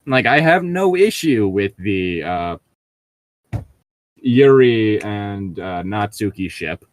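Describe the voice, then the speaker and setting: A man's voice: fairly low pitch, lively intonation, slow. A man chatting loosely and laughing often as he co-hosts a casual podcast, reading a book aloud with friends.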